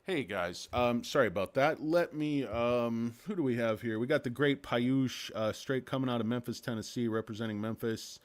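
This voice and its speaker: A man's voice: mid-range voice, moderate pace, hardly any pauses. Rambling man hosting a stock livestream. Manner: rambling, sarcastic, crude jokes. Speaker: stock market livestream host. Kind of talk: casual livestream commentary.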